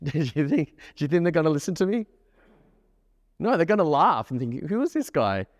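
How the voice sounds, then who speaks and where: A man coaching a live group of students, keeping the session energetic and often checking that the room follows him. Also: on the high side, a little fast, no echo, long reverb tail, highs cut off. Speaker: dating coach. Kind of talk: live workshop teaching to a group. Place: room with a live audience, on stage.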